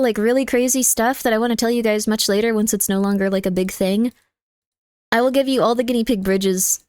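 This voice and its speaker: A woman's voice: a little high, dry recording, clean studio sound. A young adult woman streamer in casual chat, joking around and thanking her viewers. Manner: chatty and jokey, thanks viewers by name. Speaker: livestreamer.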